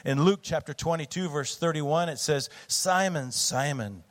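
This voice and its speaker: A man's voice: fairly high pitch, fairly even intonation, normal speed. Middle-aged man preaching a sermon. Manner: conversational storytelling with fillers and restarts. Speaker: pastor.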